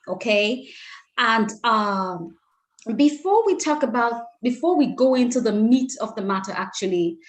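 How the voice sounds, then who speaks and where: Emotional, chatty woman host. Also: on the high side. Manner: emotional, chatty, laughs often. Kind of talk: casual interview. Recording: echoey room.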